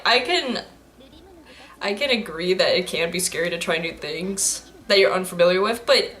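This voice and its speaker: Young woman, bright voice, animated, giggly chatty reaction commentary. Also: medium pitch, moderate pace. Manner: giggly, rambling, laughs often and jokes at the screen. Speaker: anime reaction YouTuber.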